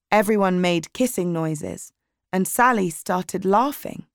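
Woman narrator, slow clear read, dry close mic. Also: lowish voice, no room sound. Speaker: audiobook reader. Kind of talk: slow graded-reader narration.

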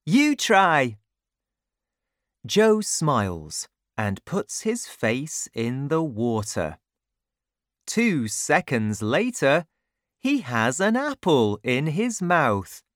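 Slow, low-voiced woman reading a storybook. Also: very animated, dry recording, studio quality. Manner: slow, clear, carefully paced reading. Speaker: narrator. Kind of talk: storybook narration for children.

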